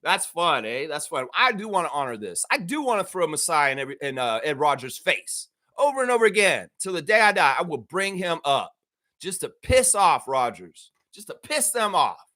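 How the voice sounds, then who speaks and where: A man hosting a casual daily fan livestream, talking excitedly, swearing and acting out bits of dialogue. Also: on the high side, normal speed.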